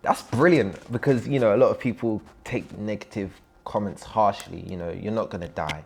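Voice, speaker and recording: A man's voice: on the low side, moderate pace, creaky, a little hiss or hum. A man hosting an interview show, encouraging and playful with his guest. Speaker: host. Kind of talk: casual interview chat.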